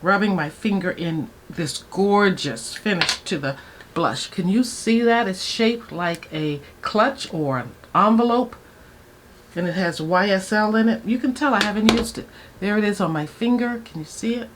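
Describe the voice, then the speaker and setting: A woman in her sixties chatting to viewers while doing her makeup, excitable and gushing about her products. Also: mid-range voice, normal speed, noisy background. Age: 60s. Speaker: beauty vlogger. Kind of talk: get-ready-with-me makeup chat.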